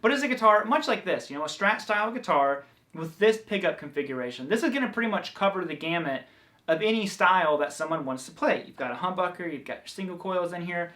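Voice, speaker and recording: A man's voice: high voice, animated, fast, sharp tone. A man from the American South with a Southern accent, chatting loosely through a guitar lesson with lots of fillers and restarts. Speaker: guitar teacher. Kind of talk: casual guitar lesson vlog.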